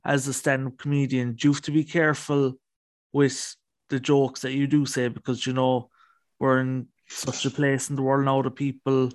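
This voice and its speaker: A man's voice: medium pitch, little pitch movement, normal speed, dry recording. A man hosting an interview podcast, asking loose, rambling questions with fillers. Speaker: podcast host. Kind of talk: casual interview chat.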